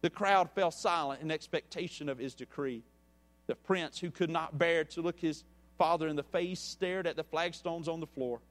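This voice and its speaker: A man preaching a sermon in a church, reading a story and then pleading earnestly and softly with listeners. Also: a little high, normal speed. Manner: earnest and pleading, dropping soft.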